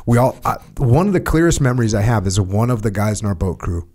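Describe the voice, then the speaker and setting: A middle-aged man hosting a podcast, trading training memories in casual chat, animated, laughing, and swearing freely. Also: lowish voice, quick pace. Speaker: podcast host, former Navy SEAL. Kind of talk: casual conversation.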